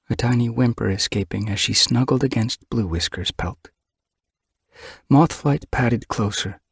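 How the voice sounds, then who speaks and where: A man narrating a storybook in an expressive storytelling manner. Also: sits low, gravelly, breathy edge, no echo, clean studio sound. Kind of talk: audiobook narration.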